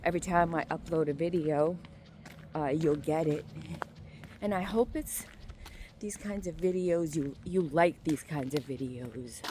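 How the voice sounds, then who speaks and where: Strolling a small-town street, a woman from Maine vlogs casually, her low voice unhurried and rambling. Fillers like um and like crowd her speech, and occasionally she speaks in a hush. Faint outdoor noise accompanies the phone-mic recording.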